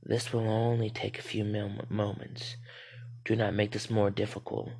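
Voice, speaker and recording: A man's voice: on the low side, little pitch movement, normal speed, creaky, a little mellow, slightly rough, pitched below the performer's own voice, low-quality recording. Man doing a harsh, menacing monster voice. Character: harsh monster voice speaking in her head.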